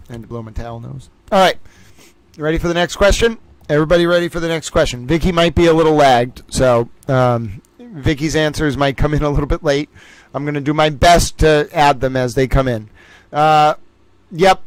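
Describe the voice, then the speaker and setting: A man runs a casual livestream trivia game, calling out players and scores as he chats with viewers. His voice sits a little high. The sound is dry and close, with no room echo. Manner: lively, reads out names and scores, chatty with viewers.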